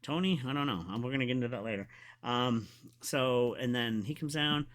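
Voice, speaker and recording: A man hosting his own show, chatting casually and excitedly through a wrestling event recap, rambling and going back to correct himself. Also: medium pitch, fairly quick. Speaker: wrestling podcast host. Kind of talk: casual solo review chat.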